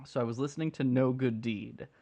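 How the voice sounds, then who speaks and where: A man's voice: mid-range voice, brisk, creaky, mellow. A man hosting a casual, unedited livestream chat, answering viewer questions in a rambling, playful way and often restarting his sentences.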